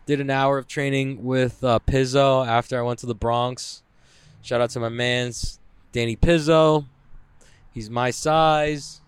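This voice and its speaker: A man's voice: mid-range voice, clean tone, no room sound. A man hosting a casual solo podcast from his car while driving, talking in a profane, rambling, self-mocking way. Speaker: podcast host. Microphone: headphones with mic.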